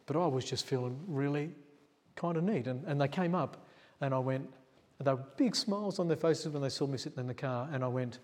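A man's voice: medium pitch, fairly quick, few pauses, darkish tone. A male pastor, telling a story in a sermon and acting out the quotes in a chatty way. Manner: chatty, acts out quotes, laughs at himself. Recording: long church reverb.

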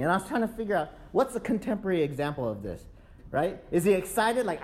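Man giving a chatty sermon. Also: high voice. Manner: casual, keeps checking in with "right?"; lively, acts out excuses in quick asides. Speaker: preacher. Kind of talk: conversational sermon.

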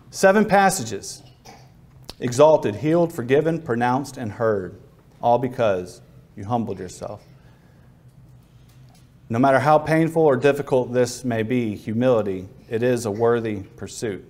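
A man's voice: mid-range voice, expressive, moderate pace. A man preaching a sermon who tells Bible ideas as vivid, acted-out stories. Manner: vivid storytelling, acts out scenes.

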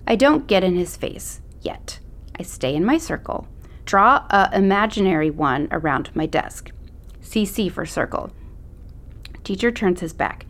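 A woman's voice: mid-range voice, expressive, unhurried. A woman narrating an audiobook in the first person, with a sassy, slangy teen attitude.

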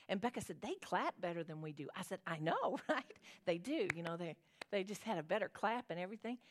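Woman, forties, Southern accent, Bible study teacher, reads scripture, then talks it over in a homey, chatty way. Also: fairly low pitch.

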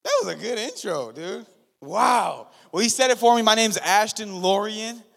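A young man giving his first sermon in a church, excited, rambling and joking with the congregation. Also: sits high, normal speed, gravelly. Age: young adult. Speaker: guest preacher. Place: church sanctuary. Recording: long hall reverb.

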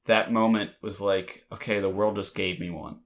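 A man's voice: fairly low pitch, fairly even intonation, moderate pace, gravelly. A man in casual conversation, telling an emotional, rambling story with many restarts. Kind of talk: casual chat.

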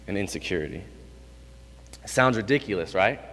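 A man in his twenties preaching a sermon to a live room, animated, moving between quiet, low remarks and loud, high bursts. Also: moderate pace, long pauses. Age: 20s. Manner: animated, swings from quiet to loud and high when acting out God's lines. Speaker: youth pastor. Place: hall with an audience. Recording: reverberant hall.

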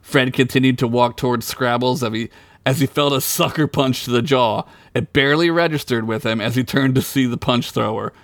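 A man, a podcast host, reading his own story aloud in a relaxed, playful way. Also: medium pitch, a little fast, no room sound, clean studio sound.

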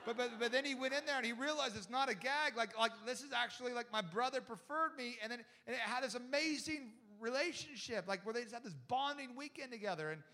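A man preaching as a youth pastor, telling a story with quoted voices and frequent restarts. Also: very high voice. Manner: animated, quotes people in quick voices, many restarts. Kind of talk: sermon storytelling.

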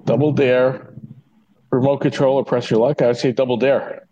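Guy on a podcast quiz, stammers and fumbles for answers, mid pitch. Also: flat delivery, normal speed, mellow, highs cut off, a little hiss or hum. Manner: flustered, stammers when searching for answers. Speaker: guest answering quiz questions. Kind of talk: casual podcast banter.

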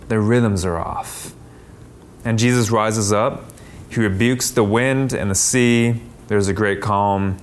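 A man preaching a sermon, animated, acting out quoted lines with a raised, louder voice. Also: a little hiss or hum. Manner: animated, acts out quotes with rising pitch and loudness. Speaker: pastor.

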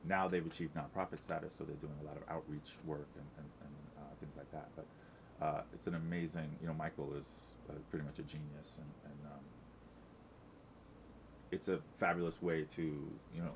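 A man in middle age with a very deep voice talks loosely and chattily, circling back on himself with fillers and restarts. A faint noise floor sits under the recording. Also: flat delivery, normal speed, gravelly. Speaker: Broadway actor, guest. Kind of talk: casual interview chat.

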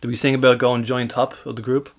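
Sex: man. Role: podcast co-host. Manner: dry, wry, mid-pitched, conversational. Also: level tone, fast. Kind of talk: casual football fan chat.

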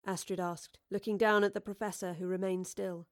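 A woman narrating a novel as an audiobook, reading in a steady, measured way. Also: mid-range voice, no room sound, clean studio sound. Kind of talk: scripted narration.

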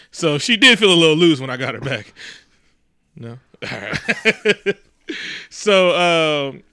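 A man's voice: on the high side, very animated, sharp tone, clean tone, no echo, studio quality. A man casually recapping an old film for laughs, profane and joking, acting out the characters as he goes. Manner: profane, joking, acts out characters in quick voices. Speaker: podcast co-host recapping a film. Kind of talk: casual comedic movie recap.

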